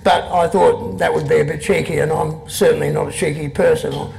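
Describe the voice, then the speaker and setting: An Australian man in his sixties with a strikingly gravelly, creaky voice pitched fairly high for a man. He reads poems and spins dry, wry anecdotes on stage before a live audience. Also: little pitch movement, a little fast, a little mellow, slight background noise, poor audio. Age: 60s. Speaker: poet and guest.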